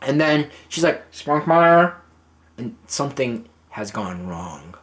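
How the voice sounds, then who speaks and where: A man's voice: on the low side, expressive, measured pace. A man casually reviewing a movie, swearing freely as he retells scenes. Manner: casual and profane, acting out scenes.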